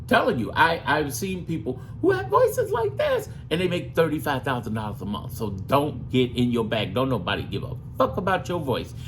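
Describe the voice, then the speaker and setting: A man's voice: medium pitch, noisy background. A man giving a brash, profane how-to talk as a gaming YouTuber, often slipping into put-on voices. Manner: fond of breaking into put-on voices. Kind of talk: casual how-to talk to camera.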